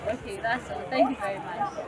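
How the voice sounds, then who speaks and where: High-voiced woman interviewing on a loud street. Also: sing-song, fairly quick. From Ghana. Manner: upbeat, asks passers-by questions. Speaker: street reporter. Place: outdoors at a busy market. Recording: outdoor street crowd noise. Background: loud crowd.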